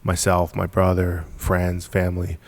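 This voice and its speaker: A man's voice: low-pitched, completely flat delivery, unhurried. A man talking as a podcast guest, telling his story in an emphatic, punchy way with repeated phrases. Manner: emphatic, repetitive, punchy storytelling with frequent laughs. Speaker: podcast guest, business founder. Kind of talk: casual storytelling in conversation.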